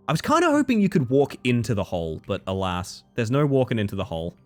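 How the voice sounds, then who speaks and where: A man streaming live and chatting casually with his viewers, animated, often breaking into high squeals and laughter. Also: quick pace, hardly any pauses, faint music behind. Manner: chatty, thanks viewers warmly.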